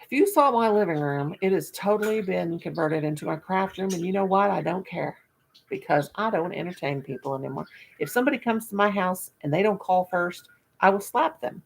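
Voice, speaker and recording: Gravelly folksy woman chatting live. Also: lowish voice, animated, a little fast, a little hiss or hum. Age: older. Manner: folksy and self-mocking, laughs at her own jokes. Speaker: livestream host. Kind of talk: casual live chat with viewers.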